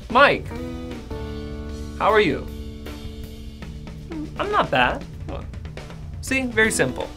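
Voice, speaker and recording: An American man, an English teacher, gives a casual lesson straight to the camera and acts out sample replies in a friendly, animated way. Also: fairly high pitch. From United States.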